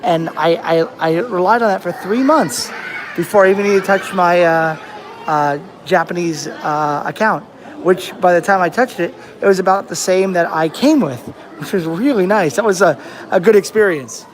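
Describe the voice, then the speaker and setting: A man's voice: sits high, normal speed, slight background noise. A young American man vlogging outdoors, telling a long travel story in a chatty, rambling way with many restarts. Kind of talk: casual vlog storytelling. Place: outdoors on a rainy beach. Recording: faint outdoor ambience.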